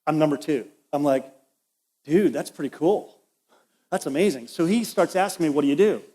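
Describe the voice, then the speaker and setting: A man's voice: on the high side, normal speed, mellow. A middle-aged man, a pastor, preaching a conversational sermon and telling a personal story with asides to the congregation. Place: church auditorium.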